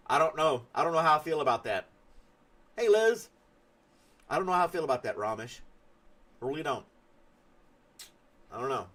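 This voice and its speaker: A man's voice: on the high side, lively intonation, moderate pace, pauses often, fairly bright tone. A man hosting a casual live stream, chatting loosely and reading viewer comments as he rambles. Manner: rambling, chatty, laughs at his own stories.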